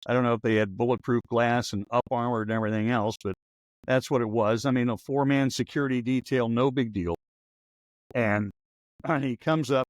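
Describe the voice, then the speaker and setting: This former radio newsman, now hosting a podcast, is a wry older man whose medium-pitched voice rambles from anecdote to anecdote in casual storytelling. Dry wisecracks pepper his talk, and the sound is close and dry with no room around it.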